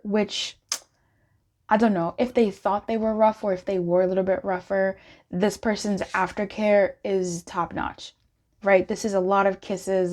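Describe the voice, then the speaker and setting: A woman's voice: medium pitch, darkish tone. Chatty giggly woman reading tarot. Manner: chatty, giggly, playfully acts out quoted voices. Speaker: tarot reader. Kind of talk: casual pick-a-card tarot reading.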